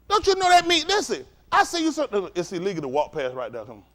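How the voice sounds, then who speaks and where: Fiery, high-voiced man preaching. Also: huge pitch swings, fairly quick, a bit bright, slight background noise. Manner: profane, provocative, rhetorical questions to the room. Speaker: teacher of a religious study group.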